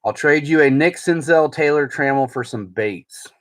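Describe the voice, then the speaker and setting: A man's voice: on the high side, moderate pace, a bit bright. A man chatting casually on a live stream about his baseball card collection, answering viewers' comments as he goes. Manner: rambling, chatty, reads viewer comments aloud.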